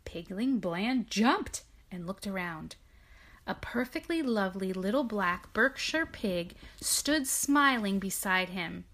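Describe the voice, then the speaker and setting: A woman reading a children's storybook aloud with long pauses, stopping to explain the story in casual chat. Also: medium pitch, fairly bright tone.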